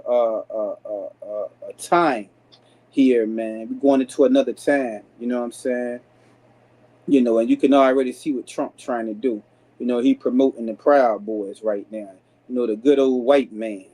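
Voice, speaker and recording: Man, African American Vernacular English, mellow dark tone, middle pitch, casual scripture class, lots of fillers. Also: rough recording. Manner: casual street-style speech with many "you understand" fillers. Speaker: class teacher.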